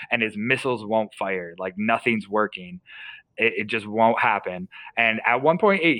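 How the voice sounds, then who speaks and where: A man's voice: mid-range voice, sharp tone, dry recording, low-quality recording. A young man, a podcast co-host, casually retelling a story with lots of fillers and restarts.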